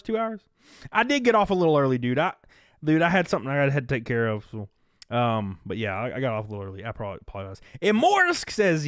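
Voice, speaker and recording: Southern guy, young, live-stream host, lively and foul-mouthed, dry close mic, slightly high voice. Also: no room sound. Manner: animated, profane, reads out chat donations. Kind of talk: casual live-stream commentary.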